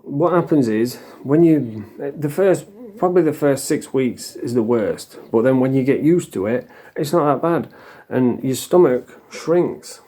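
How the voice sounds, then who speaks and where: Blunt man, mellow voice. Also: medium pitch, expressive, a little slow. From England. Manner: rambling, blunt, swears freely, mimics people in quotes. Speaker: vlogger. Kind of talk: casual talking-to-camera monologue.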